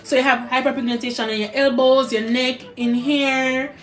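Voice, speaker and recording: A woman's voice: high-pitched, steady tone, normal speed. A young woman with a Jamaican accent, talking candidly and animatedly as a guest in a casual chat over a meal, slipping into patois.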